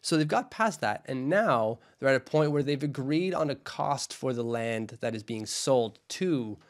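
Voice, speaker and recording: A man's voice: medium pitch, lively intonation, a little slow. Male co-host, mid-range voice, chatty, playful, casual sports chat. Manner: chatty, jokey, slips into goofy put-on voices. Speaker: podcast co-host.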